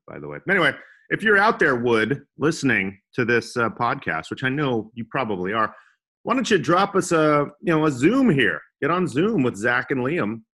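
A man's voice: mid-range voice, sharp tone, breathy edge. A young man co-hosting a comedy podcast, joking around and slipping into silly voices. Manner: goofy, puts on silly voices. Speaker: podcast co-host.

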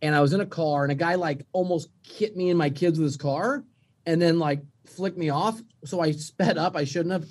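Higher-voiced guy telling animated stories on a podcast, casual, jumps into little voices for his kids. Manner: lively storyteller, mimics voices in anecdotes. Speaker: guest, sports radio host.

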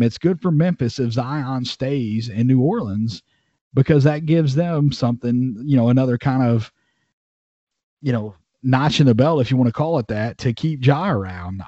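Mellow-voiced man, halting podcast talk. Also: mid-range voice, no room sound, highs cut off. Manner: halting, heavy on "you know" fillers. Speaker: podcast co-host. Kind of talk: casual sports podcast chat.

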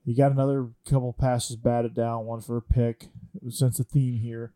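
Man, sports podcast co-host, mellow dark voice, halting delivery. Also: mid-range voice, little pitch movement. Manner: halting, many fillers. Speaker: co-host, Georgia fan. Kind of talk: casual sports podcast chat.

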